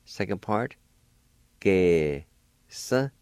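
Slow, careful male language teacher. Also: deep voice, animated, a little mellow, clear, resonant tone, no echo, clean studio sound. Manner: slow, careful syllable-by-syllable pronunciation; encouraging. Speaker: radio host and language teacher. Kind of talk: radio language lesson.

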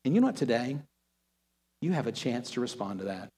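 A man preaching a sermon and telling a story, often repeating words as he restarts a thought and dropping to a hushed voice for emphasis. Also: medium pitch, sing-song, a little fast, breathy edge. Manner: storytelling, drops to a hushed near-whisper for emphasis. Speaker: pastor. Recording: long reverb of a large hall.

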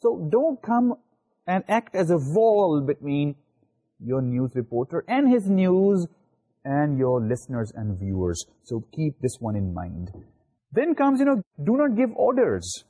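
A man lecturing in Pakistani English, explaining at length with many "you know" fillers and phrase endings that drop low. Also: huge pitch swings, measured pace, mellow. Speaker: university lecturer. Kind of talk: recorded video lecture.

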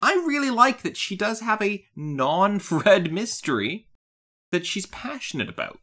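A woman co-hosting a podcast, chatting casually about a cartoon series, animated and laughing often. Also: mid-range voice, measured pace. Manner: animated, laughs often, puts on silly voices. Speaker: podcast co-host.

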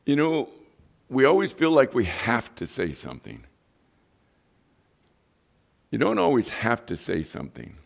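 Middle-aged male pastor, low gravelly voice, earnest storytelling sermon. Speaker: pastor and police chaplain.

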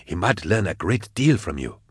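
A man voicing a gentle, calm male hospice carer in robes, speaking softly and soothingly in an audiobook reading. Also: low voice, moderate pace, slightly rough, dry recording, clean studio sound, heavily acted. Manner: soft-spoken, calm, soothing.

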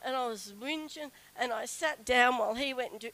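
A middle-aged woman telling a personal story to an audience in a chatty, animated way. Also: normal speed, low-quality recording. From Australia. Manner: chatty, animated, acts out quoted whining in a high voice. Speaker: speaker telling a story to a group.

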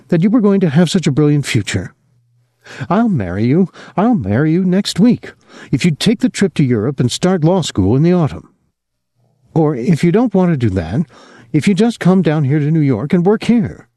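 A man putting on a bitter young woman who taunts and needles, her voice lifted high and swinging widely. The reading is dry and close, with a mellow tone under the sharpness. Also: dry recording. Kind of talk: audiobook character voice.

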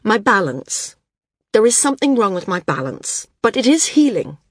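A woman reading the lines of a proud, wounded woman flyer in an audiobook, quiet and measured. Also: mid-range voice, very animated, husky, no room sound, studio quality, voice pushed up.

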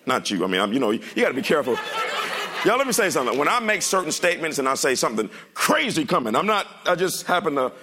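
A male pastor preaching a sermon in a lively, joking way, speaking straight to the congregation. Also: fairly high pitch, very fast, husky. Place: church sanctuary.

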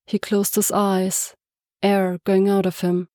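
A woman reading a story aloud as narrator, soft-spoken and even. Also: mid-range voice, slow pace, no echo, studio quality. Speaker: podfic reader. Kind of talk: scripted narration.

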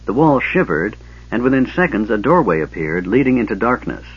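Low, husky-voiced man narrating. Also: a little fast, muffled recording. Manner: steady storytelling. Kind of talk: scripted narration.

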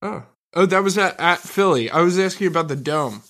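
A man co-hosting a sports betting show, boastfully pitching his picks as sure things. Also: fairly quick. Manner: boastful, animated. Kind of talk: casual sports betting talk.

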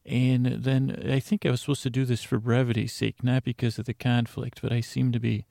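Man, gravelly, dark tone, rambling comedic narrator, chatty asides, trails off mid-sentence. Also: mid-range voice, flat delivery, brisk, no room sound, clean studio sound. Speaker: fictional narrator. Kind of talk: improvised comedic audio-drama narration.

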